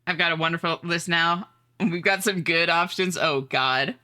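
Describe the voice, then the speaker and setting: A woman streaming live, chatting casually with viewers, reading their messages aloud and greeting them in a high sing-song voice with frequent laughs. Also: steady tone, normal speed, bright, forceful tone. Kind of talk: casual chat with viewers while gaming.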